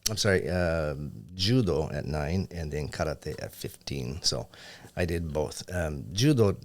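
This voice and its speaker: A man's voice: a bass voice, expressive, unhurried. A man who grew up in Japan, a business owner talking as a podcast guest in an easygoing, reflective way. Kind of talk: casual interview chat.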